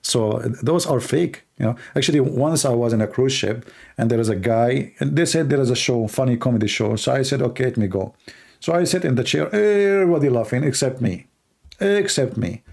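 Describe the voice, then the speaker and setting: A man's voice: medium pitch, lively intonation, a little fast, gravelly, a little mellow. A man, a native Arabic speaker from the Middle East, hosting a live show in a rambling, joking style and reacting to the chat. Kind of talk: casual live-stream chat.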